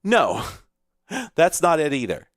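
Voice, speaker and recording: A man's voice: on the high side, wildly swooping pitch, takes it slowly, dry recording, clean studio sound. A man hosting a retro computing video, rambling in casual, profane commentary while he plays an old computer game, breaking into sudden exclamations.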